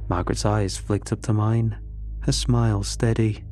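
A man telling a first-person horror story in a calm, measured scripted narration. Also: lowish voice, faint music behind.

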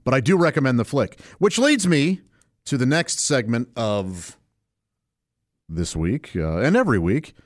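A man hosting a solo podcast speaks casually and rambles, often restarting his sentences and chuckling to himself. His mid-range voice has a sing-song lilt at a measured pace, recorded in studio quality without room sound.

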